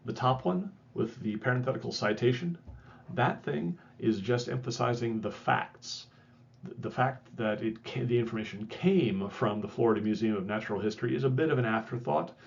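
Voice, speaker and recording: A man's voice: medium pitch, normal speed, creaky, lo-fi sound, slight background noise. A man giving a recorded lecture in a conversational way, correcting himself and adding wry asides. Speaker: instructor.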